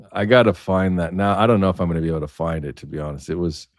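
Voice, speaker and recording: A man with a fairly low voice hosts a live stream, rambling through his stories with frequent fillers and restarts. His voice sits close to the mic with a dry, unreverberant sound. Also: fairly even intonation, quick pace, dry recording. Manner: rambling storyteller, many fillers. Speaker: livestream host. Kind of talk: casual livestream chat.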